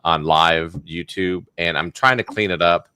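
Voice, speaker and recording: A man's voice: sits low, steady tone, measured pace, bright, forceful tone, clean tone, no room sound. A man co-hosting a casual podcast chat, blunt and opinionated with a self-deprecating streak. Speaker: podcast co-host.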